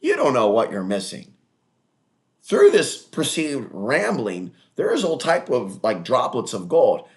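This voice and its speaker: Animated rambling man with lively pitch. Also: a little slow. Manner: animated, crude, digressive, mocking asides. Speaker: solo online talk-show host. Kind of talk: rambling monologue.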